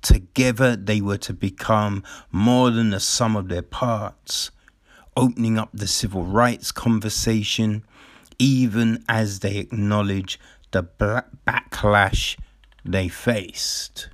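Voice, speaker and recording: A man's voice: on the low side, steady tone, slow pace, dry recording, clean studio sound. A man giving a casual, rambling film recap with many fillers and restarts. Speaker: film reviewer.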